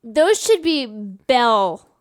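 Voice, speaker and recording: A woman's voice: fairly high pitch, very animated, very slow. A tired woman co-hosting a podcast in casual chat, rambling and full of fillers. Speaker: podcast co-host.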